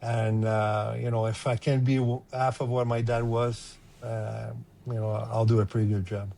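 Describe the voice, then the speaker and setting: A man's voice: fairly low pitch, moderate pace, gravelly. Middle-aged man storytelling. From Quebec, Canada. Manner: emotional, animated anecdotes with quoted voices. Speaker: podcast guest, former hockey player. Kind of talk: casual storytelling interview.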